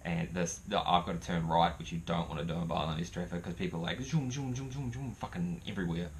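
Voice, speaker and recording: Low-voiced New man telling a story. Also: fast, gravelly, a little hiss or hum. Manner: rambling, profane, animated. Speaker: vlogger. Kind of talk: casual storytelling.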